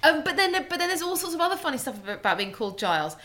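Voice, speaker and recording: A woman's voice: high voice, big pitch swings, very fast, bright, forceful tone. Woman cohost, dry teasing remarks, laid back chat. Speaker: podcast co-host. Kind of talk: casual chat.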